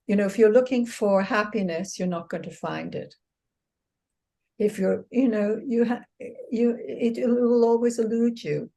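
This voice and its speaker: A woman's voice: fairly high pitch, steady tone, a little slow, gravelly, dark tone. Earnest woman reflecting in an interview. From United States. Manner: earnest, reflective, with restarts and light laughs. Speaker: author and exercise therapist, guest. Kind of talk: casual interview conversation.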